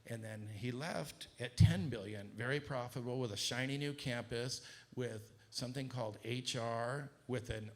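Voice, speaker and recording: A middle-aged man from Southern California telling a business story to an audience, acting out the quoted voices with a rising pitch. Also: moderate pace. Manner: animated, acts out quoted dialogue with rising pitch. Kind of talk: casual storytelling talk to an audience.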